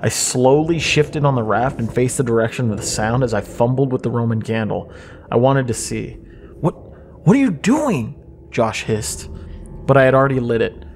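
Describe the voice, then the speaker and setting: A man's voice: mid-range voice, fairly even intonation. Man narrating a horror story, faint hiss. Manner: measured, suspenseful storytelling. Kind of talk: scripted creepypasta narration.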